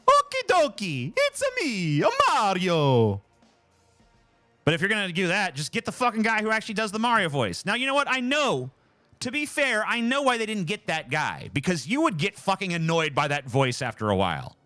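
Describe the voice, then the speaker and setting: A male live streamer ranting from home with a lively, swooping delivery and plenty of swearing. His voice is bright and forward, close and dry on the mic. Faint music plays behind him. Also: high-pitched, a little fast, no echo. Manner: animated, profane, ranting. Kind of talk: casual live-stream chat.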